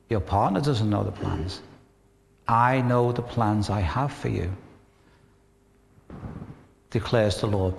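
A man's voice: medium pitch, vocal fry, in a large hall, slight background noise. A man with a Northern English accent, preaching a sermon in a conversational way, with rhetorical questions and humor. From northern England. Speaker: pastor.

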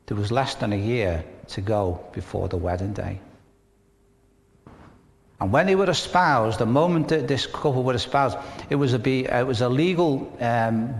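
A man's voice: medium pitch, long reverb tail. A man with a Northern English accent, preaching a sermon in a conversational way, with rhetorical questions and humor. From northern England. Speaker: pastor.

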